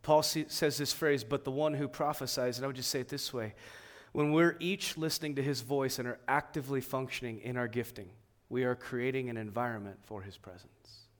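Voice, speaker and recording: A man preaching a sermon, swinging between emphatic, raised passages and quiet, hushed ones. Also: mid-range voice, steady tone, a little fast. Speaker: pastor.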